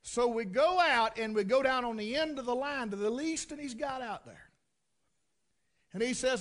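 A man's voice: very high voice, normal speed, a bit bright. A man with a Southern US accent telling a folksy story with dry humor.

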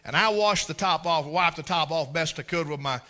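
A man's voice: a little high, moderate pace. A man preaching a sermon, telling folksy stories and acting out the scenes. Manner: folksy, animated storyteller who acts out scenes. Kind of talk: storytelling sermon.

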